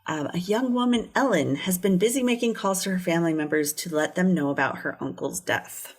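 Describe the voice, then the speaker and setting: A woman's voice: on the low side, brisk, breathy edge. A woman co-hosting a podcast, telling a true-crime story in a chatty way, swearing freely and quoting people in little voices. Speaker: podcast co-host.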